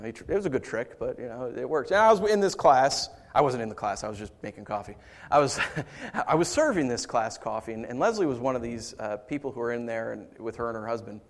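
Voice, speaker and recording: A man preaching a sermon as pastor, moving between quiet storytelling and raised, impassioned passages. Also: medium pitch.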